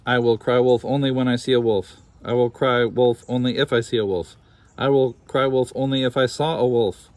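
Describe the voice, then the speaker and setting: A man's voice: high-pitched, expressive, brisk, gravelly, breathy edge, no echo, pitched above the performer's own voice, exaggerated voice. A man reading a storybook aloud, voicing an earnest, determined young female shepherd in a raised, insistent voice.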